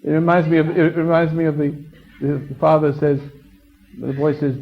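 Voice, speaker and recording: A man's voice: fairly high pitch, little pitch movement, moderate pace, vocal fry, some chatter behind, slight background noise. A man from England giving a live seminar lecture in a hotel function room, rambling and teasing with many restarts and chuckles, on a dull lo-fi tape recording. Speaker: seminar speaker.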